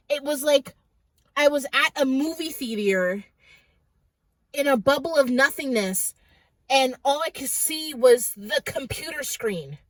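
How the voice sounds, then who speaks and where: A woman's voice: sits high, fairly bright tone, no room sound, poor audio. A woman hosting her own video, recounting a vivid dream in an urgent, fervent way, her voice at times breaking into tears. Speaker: Christian video host. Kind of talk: emotional personal storytelling.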